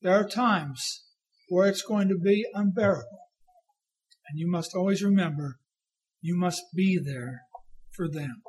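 A man preaching a sermon in a fairly high voice, taking his time over each phrase. He swings between loud, emphatic declarations and hushed, quiet lines. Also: breathy edge, low-quality recording.

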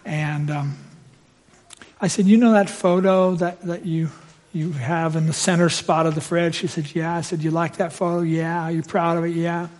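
A middle-aged man preaching a sermon in a church, telling a family story and swelling loud at the climaxes. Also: a little high, level tone, moderate pace. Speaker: pastor.

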